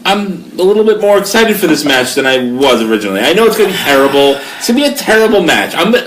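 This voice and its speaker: A man of middle pitch rambles through a casual podcast chat, his voice rising and falling a lot as he starts and restarts sentences, swearing offhandedly. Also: big pitch swings, rapid-fire, a bit bright, a little hiss or hum. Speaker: podcast co-host.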